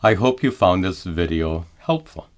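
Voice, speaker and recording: A middle-aged man teaching Sanskrit chanting in a measured, calm manner, pausing to chant each example slowly. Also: deep voice. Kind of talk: slow explanatory lesson with chanted examples.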